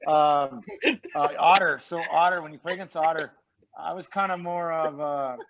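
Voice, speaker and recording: Guy on a podcast telling old locker room stories, kinda high voice, swears a lot, muffled lo-fi audio. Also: fairly even intonation, normal speed, a little hiss or hum. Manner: rambling, swears freely, acts out quotes. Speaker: guest, former pro hockey player. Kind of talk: casual podcast storytelling. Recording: dull lo-fi sound.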